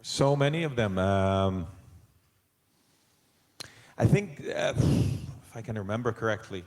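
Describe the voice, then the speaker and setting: A man's voice: fairly low pitch, slow pace. Guy actor on a con panel, loose chatty answers, lots of restarts, big hall echo. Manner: animated, laughing, trailing restarts. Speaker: actor guest on a convention panel. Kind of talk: casual panel Q&A. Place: large convention hall.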